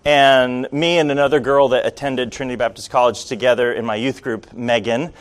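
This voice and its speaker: A man from Rhode Island telling a personal story to an audience in a wry, self-deprecating, lively way. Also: medium pitch, fairly quick. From Rhode Island, USA.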